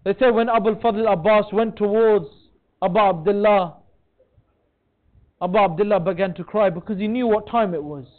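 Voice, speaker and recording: Impassioned male preacher, very high voice, mourning sermon, thin lo-fi phone-like recording. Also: normal speed. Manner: impassioned, pleading with listeners. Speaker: majlis speaker. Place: religious centre hall.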